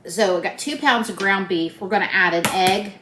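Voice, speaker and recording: A woman's voice: mid-range voice, normal speed. A woman chatting folksily to viewers while cooking in her home kitchen. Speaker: cooking vlogger. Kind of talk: casual cooking chat. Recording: roomy kitchen with air-conditioner hum. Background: central air running.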